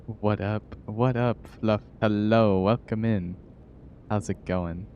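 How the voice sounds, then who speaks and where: A man hosting a relaxed live stream, greeting chat and laughing often as he talks. His voice sits low and moves slowly. A faint hum of noise runs underneath. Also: muffled recording.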